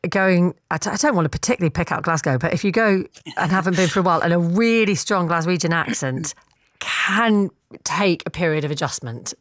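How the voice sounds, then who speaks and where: A woman's voice: on the low side, a little fast, dry recording, clean studio sound. A woman with a British accent presenting breakfast radio, chatty and conversational with her guest. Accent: British English. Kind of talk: breakfast radio interview and news.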